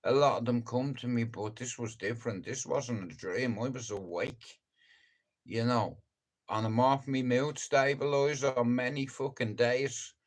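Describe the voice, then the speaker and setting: Male live-stream host, slow, profane, rambling, mid-range voice. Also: mid-range voice. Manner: profane, rambling storyteller who addresses viewers directly. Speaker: livestream host.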